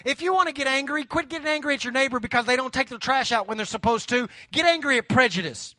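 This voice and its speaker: A man's voice: extremely high pitch, quick pace, sharp tone, dry recording. A man, preaching a sermon with rising fervor and personal stories. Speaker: pastor.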